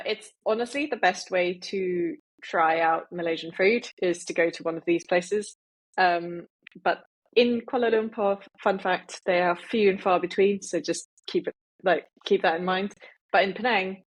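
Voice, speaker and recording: A woman tells a story in a relaxed podcast chat, laughing often and packing in "like" and "uh". She talks at a middling pitch and an easy pace. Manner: giggly, full of fillers like "like" and "uh". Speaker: podcast co-host.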